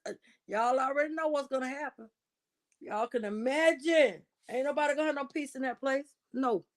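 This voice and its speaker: A woman hosting a casual gossip livestream, animated and laughing often, with drawling asides to her viewers. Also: a little high. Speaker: livestream host.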